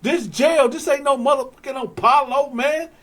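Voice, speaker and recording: A man's voice: very high voice, moderate pace, fairly bright tone. A man voicing an angry male jail officer who barks profane orders. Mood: barking.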